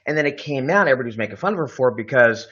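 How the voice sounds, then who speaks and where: A man's voice: medium pitch, expressive, very fast, fairly bright tone. Rambling male podcast host, muffled sound. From Tampa, Florida area. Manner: rambling storyteller, hedging with "I believe" and "uh". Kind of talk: casual chat.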